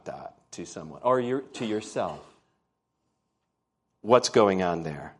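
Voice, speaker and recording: A man's voice: medium pitch, expressive, measured pace. A man preaching a sermon in church, telling stories and often asking the congregation questions. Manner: storytelling, conversational, asks the congregation questions. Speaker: pastor.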